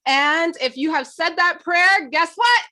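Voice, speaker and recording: A woman with a New York accent hosting a faith podcast, chatting casually and leading a prayer, animated and quick to laugh. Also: extremely high pitch. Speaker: podcast host.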